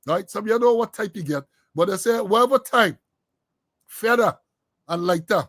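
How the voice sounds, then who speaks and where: Older caribbean man hosting his show, jokey, laughs a lot, high voice, dry close mic. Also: lively intonation, moderate pace, fairly bright tone, dry recording. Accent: Caribbean English. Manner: joking, laughing, repetitive storytelling. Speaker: host. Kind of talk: casual commentary.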